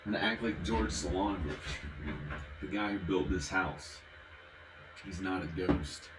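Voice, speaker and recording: A man's voice: deep voice, a little slow, echoey room, rough recording. A man from the American South, vlogging casually while drinking, rambling and giggling from one topic to the next.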